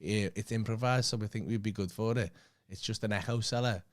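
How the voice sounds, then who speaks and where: A man with a Liverpool accent, a comedian co-hosting a podcast, telling a story in an animated way, swearing freely and acting out what other people said. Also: on the low side, a little fast. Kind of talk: casual anecdote telling.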